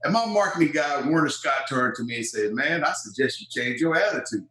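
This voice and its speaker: Animated storytelling man in a roomy space. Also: on the high side, brisk. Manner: animated storyteller, acts out quoted voices. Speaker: former football player, guest. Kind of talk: storytelling interview. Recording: roomy echo.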